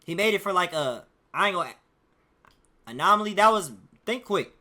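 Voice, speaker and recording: Bright high-voiced man streaming. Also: animated, moderate pace. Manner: loose, profane, slang-heavy and rambling. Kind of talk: casual stream commentary. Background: faint music playing.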